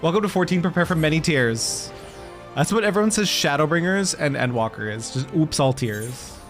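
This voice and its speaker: A man's voice: a little high, expressive, normal speed, faint music behind. A young man streaming a game, chatting casually, joking and reacting to his chat.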